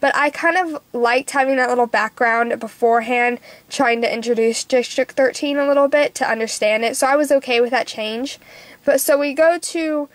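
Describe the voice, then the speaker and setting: A woman's voice: sits high, normal speed, no room sound. A young woman vlogging a casual movie review, gushing and emotional, rambling with lots of fillers.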